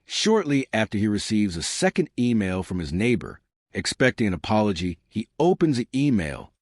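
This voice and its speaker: A man narrating scripted jokes in a lively storytelling manner. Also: lowish voice, normal speed, no echo, studio quality. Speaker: joke narrator.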